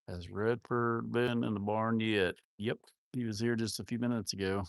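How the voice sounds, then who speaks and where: A man's voice: fairly low pitch, fairly even intonation, a little fast, no echo, clean studio sound. Joking man hosting a farm livestream. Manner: rambling, joking and self-mocking, with crude words. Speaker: livestream host of a cattle farm channel. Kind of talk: casual live-stream chat reading viewer comments.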